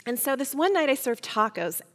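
A woman's voice: sits high, very animated, brisk, big-room sound. A middle-aged woman teaching a Bible study lesson, telling personal stories in a chatty way, with fillers and restarts.

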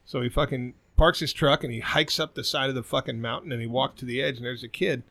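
A man on a casual podcast, telling crude jokes loudly and laughing at his own punchlines. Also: mid-range voice, quick pace, noisy background. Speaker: podcast co-host.

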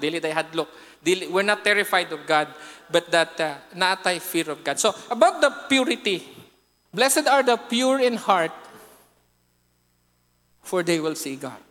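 A man with a Filipino accent preaching a sermon, telling stories in an animated way, acting out voices and singing snatches of songs. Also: high voice. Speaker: pastor. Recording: long hall reverb.

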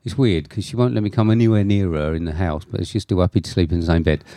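A sick, jokey Englishman with a low voice. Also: fast, warm tone, dry recording, studio quality. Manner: jokey, laughs often. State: ill, croaky from a cold. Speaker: podcast co-host. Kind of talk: casual chat.

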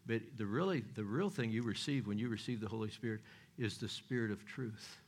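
A man's voice: on the low side, a little fast. An older man preaching a sermon in a folksy, joking way, with loose restarts and chuckles.

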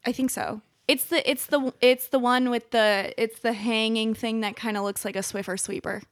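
A woman co-hosting a comedic podcast, chatty with deadpan jokes. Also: a little high, moderate pace, no echo, studio quality.

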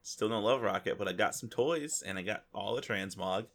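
A man co-hosting a casual gaming podcast, animated and joking, slipping into silly voices. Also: fairly low pitch, normal speed. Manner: animated, breaks into exaggerated voices for jokes. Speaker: podcast co-host.

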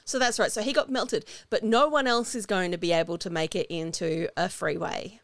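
A woman's voice: on the low side, steady tone, moderate pace, no echo. A woman co-hosting a podcast in casual chat, enthusiastic and jokey. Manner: enthusiastic, jokey, reads from notes. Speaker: podcast co-host.

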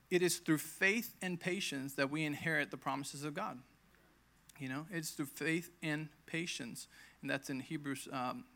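Bright, gravelly man preaching testimony. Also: fairly high pitch. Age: 30s. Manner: conversational, emphatic, acts out quoted lines. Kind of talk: sermon with personal testimony.

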